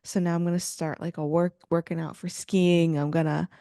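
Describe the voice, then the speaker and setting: A woman with a mellow, fairly low voice chats on a podcast in a relaxed, teasing way. The recording is dry and close. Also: fairly quick, gravelly, smooth, dry recording. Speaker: podcast co-host. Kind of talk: casual chat.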